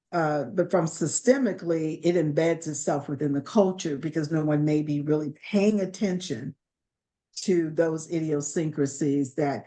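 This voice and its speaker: A woman's voice: sits low, darkish tone. A woman hosting a webinar interview, asking long, thoughtful, rambling questions.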